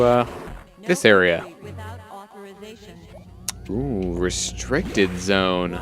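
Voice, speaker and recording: Young male let's-play commentator, relaxed, rambling, lowish voice. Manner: relaxed, rambling with many uhs. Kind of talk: casual gameplay commentary.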